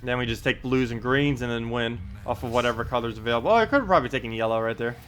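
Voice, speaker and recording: This live streamer, a man with a mid-range voice, talks rapid-fire as he casually narrates his game and replies to viewer questions. He's laid-back and thinks aloud, peppering his speech with uh and um.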